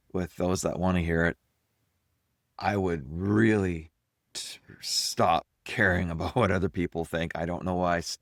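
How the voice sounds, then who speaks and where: A man's voice: deep voice, no echo, clean studio sound. A man in his fifties from Canada, a life coach and podcast host, talking at home in a candid, self-reflective solo monologue.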